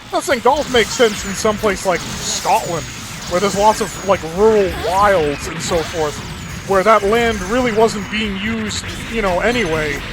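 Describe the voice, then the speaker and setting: High-voiced man ranting over a game. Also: a little slow, noisy background. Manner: rambling, profane, digressive. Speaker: gaming channel host. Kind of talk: let's-play commentary. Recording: game music playing underneath.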